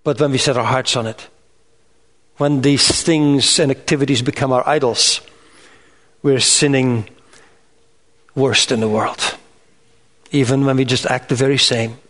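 A man preaching a sermon in an earnest, measured way, rising in pitch on emphatic lists. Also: steady tone, fairly bright tone. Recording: reverberant hall sound.

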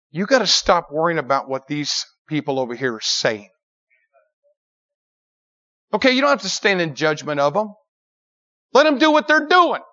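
A man preaching to young people, telling a story in an animated way and acting out the quoted lines with sudden high shouts. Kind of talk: sermon. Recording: dull lo-fi recording.

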